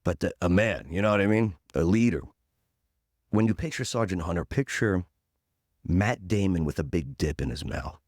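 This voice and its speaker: A man in his forties, a podcast guest, tells a punchy story at normal speed, acting out other people's voices and peppering it with "boom." The audio is studio quality with no room sound.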